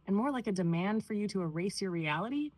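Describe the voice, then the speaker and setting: A synthesized woman's voice speaks in a mid-range pitch with calm, measured evenness. She delivers a structured, clinical analysis in the manner of a therapist, with no rush and no edge. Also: low-quality recording. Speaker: AI therapist-style responder. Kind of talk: clinical analysis read aloud.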